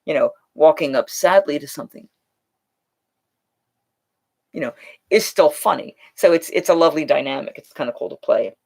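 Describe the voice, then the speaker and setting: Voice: mid-range voice, lively intonation, normal speed, creaky, long pauses, a little mellow. Role: live-stream host. Type: chatty, rambling, thinks aloud while answering viewer questions. Mic: USB desk microphone. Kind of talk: casual live chat. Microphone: Logitech USB microphone.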